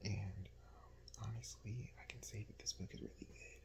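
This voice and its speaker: Guy whispering his book thoughts late at night, deep voice, breathy and exasperated, says the same thing over and over. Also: steady tone, normal speed, low-quality recording. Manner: whispering, repeating himself in exasperation. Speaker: book reviewer.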